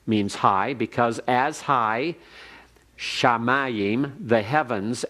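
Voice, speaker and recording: A man lecturing on Hebrew grammar to a class, explaining step by step and reading phrases slowly for the students to repeat. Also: medium pitch, a bit bright. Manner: methodical, reads Hebrew slowly for repetition.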